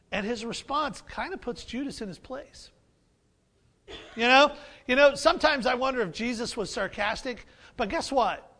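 A man's voice: very high voice, bright, forceful tone. A man preaching a sermon as pastor, conversational and humorous, repeating phrases for emphasis.

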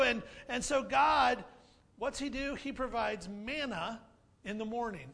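A male pastor giving a lively sermon in a high, gravelly voice. He talks playfully and leans on repetition to drive points home. The tone is bright and forward. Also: a little slow. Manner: animated, playful, repeats key phrases.

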